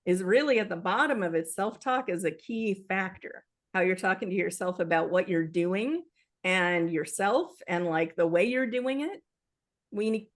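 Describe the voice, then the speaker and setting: A woman's voice: fairly low pitch, creaky. A woman author, a guest in an interview, speaking earnestly and acting out quoted self-talk. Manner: earnest, animated with acted-out quotes. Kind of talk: conversational interview.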